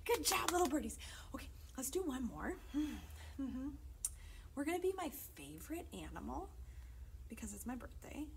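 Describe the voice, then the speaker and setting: A woman children's librarian leading a sing-along, cheery and coaxing, talking softly to the kids between loud chants. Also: sits high, sing-song, moderate pace, a little hiss or hum, rough recording.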